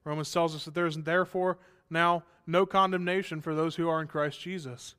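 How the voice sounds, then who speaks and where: A man's voice: a little high, fairly even intonation, fairly quick, pushed and bright, clear, resonant tone. A man preaching a sermon as pastor, earnest and building to emphatic passages, with dry asides.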